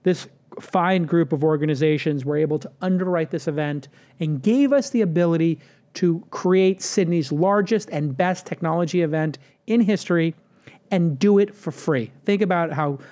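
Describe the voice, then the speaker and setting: A man's voice: a little high, normal speed, darkish tone. A man hosting a casual roundtable show, talking in an upbeat, promotional way and cracking jokes. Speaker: podcast host.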